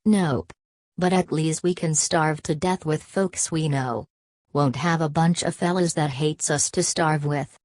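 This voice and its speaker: Woman voicing worn-out migrant father, bitter drawl, low voice, dry sound, audiobook. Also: unhurried, darkish tone, dry recording. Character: weary migrant father heading home.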